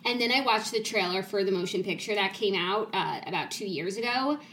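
A bubbly young woman co-hosting a podcast, chatting casually at a middling pitch. A faint hiss of noise sits under her voice. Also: a little fast, fairly bright tone, poor audio. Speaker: podcast co-host. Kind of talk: casual chat.

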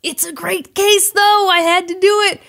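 A woman's voice: extremely high pitch, fairly even intonation, normal speed, gravelly, fairly bright tone. A woman co-hosting a casual true-crime podcast, chatty and self-deprecating, often breaking into laughs. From Midwest of the United States. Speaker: podcast co-host.

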